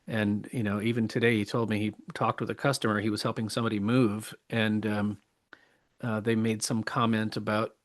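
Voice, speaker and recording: Middle-aged man, earnest, halting, restarts often, medium pitch, podcast guest. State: choked up with emotion. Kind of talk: casual interview talk.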